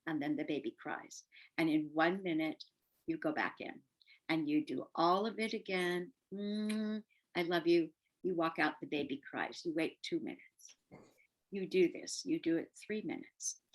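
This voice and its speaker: An older woman giving gentle, earnest advice to parents and teachers, often repeating words softly for emphasis. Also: low-pitched, low-quality recording. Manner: warm, gentle advice with soft emphatic repetition. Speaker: parenting educator.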